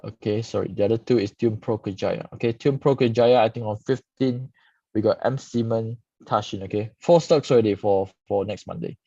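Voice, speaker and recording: A man's voice: on the low side, brisk, warm tone, no room sound. A man reviewing stock charts live, peppering his talk with "okay". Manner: frequent "okay" tags, casual explaining. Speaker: stock market analyst host. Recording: dull lo-fi dry sound.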